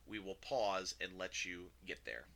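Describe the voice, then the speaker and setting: Bright-voiced man teaching a Bible lesson. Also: sits low, animated, a little slow, gravelly. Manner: conversational, chatty, with fillers and self-corrections. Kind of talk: casual recorded Bible lesson.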